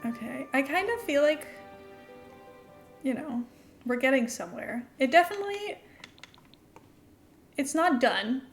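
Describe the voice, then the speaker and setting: A young woman with a fairly high voice and an international-school American accent, chatting as she streams a game. She is chatty and giggly and answers her viewers between building tasks. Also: expressive, a little slow, pauses often, faint music behind. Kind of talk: casual chat while playing a game live.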